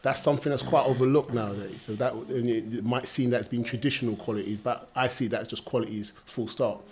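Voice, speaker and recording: Earnest man, measured talk. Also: medium pitch, steady tone, darkish tone, a little hiss or hum. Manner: measured, earnest, full of "you know". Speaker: guest on a talk show. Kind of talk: casual panel discussion.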